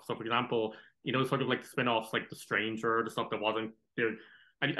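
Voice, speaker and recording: A man's voice: medium pitch, bright, forceful tone. A man interviewing a guest, asking thoughtful, hedging questions. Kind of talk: casual interview.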